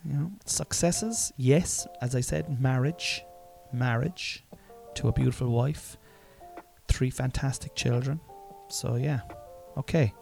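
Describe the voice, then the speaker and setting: A man's voice: medium pitch, slow, gravelly, a little mellow, faint music behind. A man in his forties musing aloud in a casual, rambling monologue, self-mocking and swearing freely. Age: 40s.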